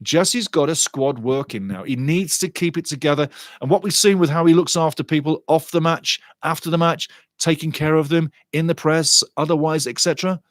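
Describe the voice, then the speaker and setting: A man's voice: a little high, no room sound. A man hosting a soccer show, talking in a casual, chatty way and often repeating words and phrases. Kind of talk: casual live-stream commentary. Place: lives in Canada.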